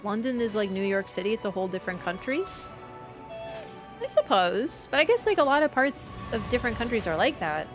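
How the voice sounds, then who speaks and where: A young woman streaming a game, chatting casually and telling travel stories with animated swings into quoted voices. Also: a little high, fairly quick, over music. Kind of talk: casual chat while gaming.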